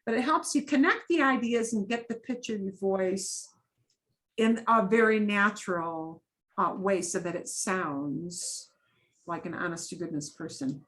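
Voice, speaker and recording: A woman's voice: mid-range voice, unhurried, a bit bright, low-quality recording. A middle-aged woman teaching a Spanish class, talking casually and checking in with her students in Spanish. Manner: chatty, sprinkles Spanish checks like vale and bien.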